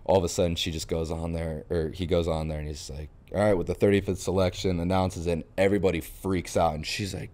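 Young man, from Florida, low pitch, warm dark tone, animated storytelling, podcast guest. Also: brisk. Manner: animated storyteller, acts out quoted lines. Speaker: podcast guest, baseball catcher. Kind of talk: casual storytelling interview.

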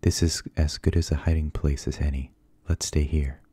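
A stubborn young boy from a spooky storybook, as a man reads him in a whispered role-play. The voice is very deep, hushed and dark. The sound is close and dry. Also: level tone, normal speed, slightly rough, dry recording. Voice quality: soft, hushed.

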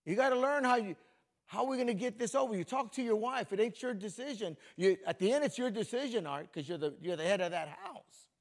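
A middle-aged man preaching a lively, folksy sermon as a pastor, joking with the congregation and swinging between soft and loud. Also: high-pitched, a little fast, vocal fry. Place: church sanctuary before a congregation.

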